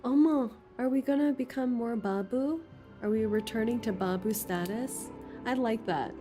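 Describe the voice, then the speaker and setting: A woman's voice: a little high, normal speed, warm tone. A woman streamer giving playful, slangy commentary while playing a game. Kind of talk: casual game playthrough commentary. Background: game music.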